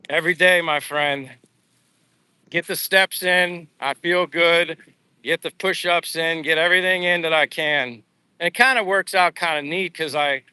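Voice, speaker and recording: A man's voice: a little high, bright, forceful tone, clear, resonant tone, no room sound. A man from the United States chatting casually on a live stream while out on his daily walk outdoors, reading viewer comments aloud with lots of fillers. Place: outdoors on a seaside boulevard.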